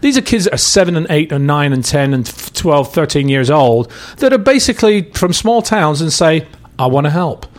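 Middle-aged man from England, slightly high voice, rambling guest in a casual interview. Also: animated, moderate pace, hardly any pauses. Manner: rambling, many restarts and fillers. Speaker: guest, charity founder and actor.

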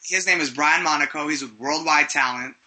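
A man hosts a talk radio interview with a bright, forceful voice pitched somewhat high. He keeps things upbeat and promotional, plugging websites for his listeners. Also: brisk, slight background noise.

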